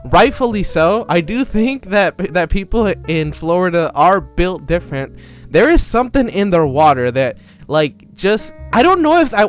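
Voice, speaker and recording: A man delivering a sarcastic, rambling comedic monologue that keeps interrupting itself. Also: fairly high pitch. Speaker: commentary creator.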